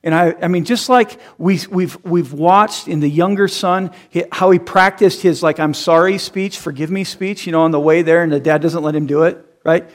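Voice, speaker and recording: A pastor in his thirties delivers an animated sermon in a fairly high voice. He acts out the people he quotes and laughs at his own jokes. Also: moderate pace, hardly any pauses.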